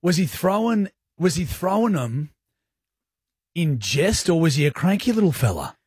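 A man's voice: a little high, big pitch swings, normal speed, a little mellow, slightly rough, no echo, studio quality. A man co-hosting a radio show, throwing in teasing jokes in casual banter. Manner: joking, teasing interjections. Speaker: radio co-host.

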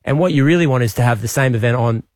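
An Australian man, a state premier, chatting as a radio guest in an earnest, measured way. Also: medium pitch, no echo. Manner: earnest, measured, policy-minded. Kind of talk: casual radio chat.

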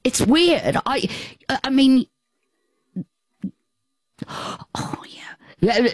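An older Australian woman tells a personal story at an unhurried pace. She talks haltingly, with restarts and asides. The sound is close and dry. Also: high-pitched, expressive, no echo. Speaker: guest.

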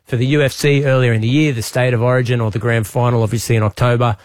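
An Australian man speaking as a politician guest in a casual radio interview, relaxed and full of restarts. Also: medium pitch, quick pace, dry recording. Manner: relaxed, talks in restarts and fillers. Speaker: state premier, radio guest.

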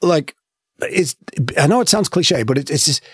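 Man, husky voice, filmmaker guest, casual interview, rambling restarts, dry close sound. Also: normal speed, dry recording. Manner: animated storyteller, many fillers and restarts, pitch rising when moved.

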